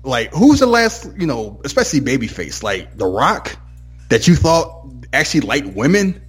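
Husky laid-back man chatting. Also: mid-range voice, sing-song, moderate pace, faint music behind. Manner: laid-back storytelling, drifts into mimicking others. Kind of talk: casual chat.

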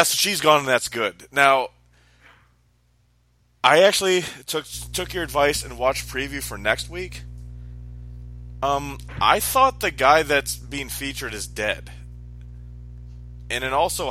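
A man's voice: mid-range voice, animated, a little slow, long pauses, sharp tone. A man chatting casually about TV episodes with a co-host, wry and mildly critical. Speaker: podcast co-host. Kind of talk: casual TV recap chat.

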